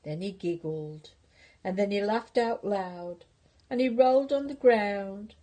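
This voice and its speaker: A woman's voice: mid-range voice, lively intonation, a little slow, gravelly, warm tone. An older woman reading a picture book aloud to her grandchildren, playful, with whispered asides.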